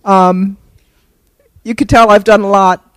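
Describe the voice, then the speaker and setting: A woman's voice: mid-range voice, steady tone, measured pace, clear, resonant tone, no room sound, low-quality recording. An older woman giving an award acceptance speech, telling self-deprecating, humorous anecdotes with fillers. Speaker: award recipient and disability advocate.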